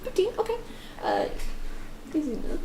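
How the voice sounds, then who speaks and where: A woman's voice: very high voice, very animated, moderate pace, roomy sound, noisy background. A woman narrating as game master of a tabletop game, laughing often as she describes the scene.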